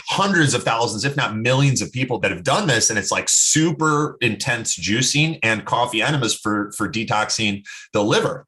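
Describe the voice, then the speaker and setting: A man, a podcast guest talking health, telling stories in an animated, casual way with lots of fillers. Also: mid-range voice. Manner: animated storyteller, many "like" fillers. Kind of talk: casual interview talk.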